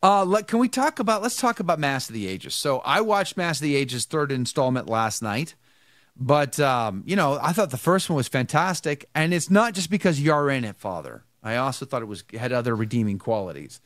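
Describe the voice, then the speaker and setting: A man's voice: mid-range voice, lively intonation, normal speed, fairly bright tone, no echo, clean studio sound. A man hosting a live show, greeting viewers by name and chatting with a priest guest. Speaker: host. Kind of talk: livestream greetings and chat.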